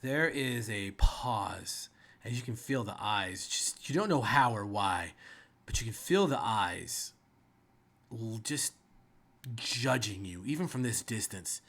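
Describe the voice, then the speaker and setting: Casting: low-voiced man, unhurried game master narration. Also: animated, a bit bright. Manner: slow, descriptive, measured.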